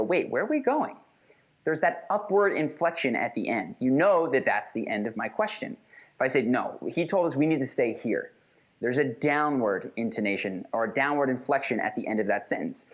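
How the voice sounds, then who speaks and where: A man's voice: mid-range voice, highs cut off. A man giving a recorded course lecture, explaining with acted-out examples. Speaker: communication instructor.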